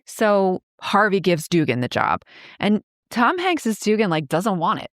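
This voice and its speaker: A woman's voice: mid-range voice, big pitch swings, measured pace, no echo, studio quality. A woman in her fifties co-hosting a podcast, retelling movie scenes in casual chat with lots of "like" and laughs. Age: 50s. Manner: chatty, many likes, laughs while retelling scenes. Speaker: podcast co-host.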